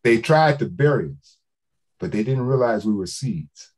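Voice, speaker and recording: A man's voice: medium pitch, expressive, moderate pace, darkish tone, rough recording. An older man, an author, telling stories to a book club with an emphatic, preacher-like cadence. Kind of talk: public speaking, storytelling.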